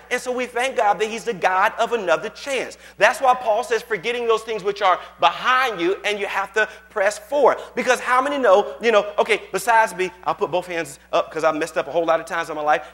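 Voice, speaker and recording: Male pastor, conversational preaching that swells to shouts, bright high tone in a reverberant sanctuary. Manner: call-and-response, often asking "you got it?"; conversational, anecdotal preaching that builds to loud exhortation. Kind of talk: sermon.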